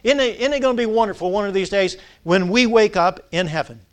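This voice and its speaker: A man preaching from the pulpit in a high, lifted voice. He stretches key words out slowly for weight and pauses to let the congregation call back the answers. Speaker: pastor. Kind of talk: sermon.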